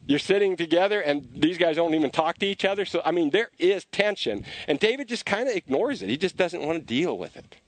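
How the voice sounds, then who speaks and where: A man telling a story in a conversational sermon, animated and often restarting his sentences. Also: fairly high pitch, fairly quick, few pauses, no echo. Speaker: preacher.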